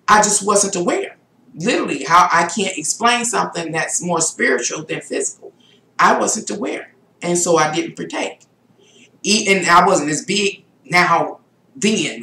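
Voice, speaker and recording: A woman's voice: sharp tone, reverberant. A middle-aged woman vlogger telling a spiritual story in a rambling, casual monologue. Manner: rambling, with shrill exclaimed self-quotes.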